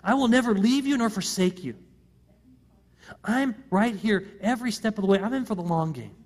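A man's voice: high voice, moderate pace. A middle-aged man, a pastor, preaching a conversational sermon full of rhetorical questions and repeated starts.

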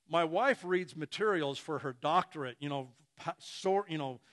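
A man's voice: fairly high pitch, measured pace, fairly bright tone. A man preaching a sermon who acts out imagined dialogues and chuckles between points.

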